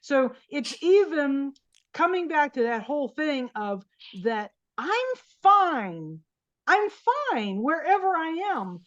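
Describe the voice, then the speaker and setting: A woman's voice: high voice, big pitch swings, slow, fairly bright tone. Earnest woman on dull lo-fi audio. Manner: earnest, repeats phrases for emphasis. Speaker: guest, life coach. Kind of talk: reflective interview talk.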